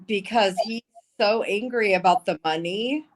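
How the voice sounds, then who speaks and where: A woman's voice: mid-range voice, measured pace, poor audio. A woman giving casual live-stream commentary, blunt and swearing often, with emotional asides. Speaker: livestream commentator.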